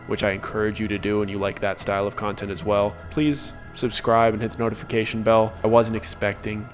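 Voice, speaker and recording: A man's voice: fairly low pitch, flat delivery, brisk, soft background music. Young man telling a personal story. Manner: earnest, conversational, uses filler "like". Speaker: storyteller and channel creator. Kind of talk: casual first-person storytelling.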